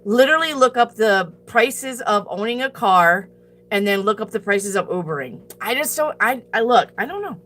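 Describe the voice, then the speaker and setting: A woman's voice: mid-range voice, expressive, normal speed, fairly bright tone. A woman reading tarot on a live stream, talking bluntly and profanely as she answers her chat and hands out tough advice.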